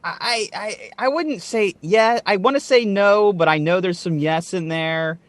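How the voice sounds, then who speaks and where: A man co-hosting a casual podcast, animated and profane, calling himself short-tempered. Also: high voice, unhurried, dry recording. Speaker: podcast co-host.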